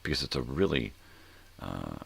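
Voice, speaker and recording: A man's voice: a bass voice, big pitch swings, moderate pace, creaky, breathy edge. An older man hosting a casual morning show, rambling and thinking aloud, often trailing off into mumbles. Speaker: host.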